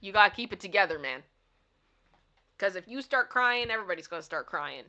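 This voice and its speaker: A woman's voice: medium pitch, lively intonation, fairly quick, pushed and bright. A woman hosting a casual livestream, reading funny signs aloud, giggling playfully and talking back to her chat. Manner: giggly and playful, often laughing. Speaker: livestream host.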